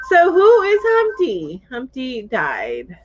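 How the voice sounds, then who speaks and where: A talkative woman hosts a casual crochet livestream and reads out viewer comments. Her voice sits a little high and swoops widely as she thinks aloud. The sound is dull and lo-fi. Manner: chatty, thinks aloud, laughs easily. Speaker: host of a crochet live chat.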